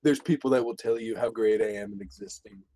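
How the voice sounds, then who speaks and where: A man's voice: lowish voice, fast talker, mellow, dry recording, natural voice. A man voicing a boastful politician parody who brags over and over. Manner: boastful, repetitive bragging.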